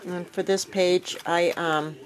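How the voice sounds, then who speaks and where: A woman casually walking viewers through a craft project, relaxed and rambling, with frequent fillers and self-corrections. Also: lowish voice, slow, rough recording. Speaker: crafting vlogger. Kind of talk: casual show-and-tell walkthrough.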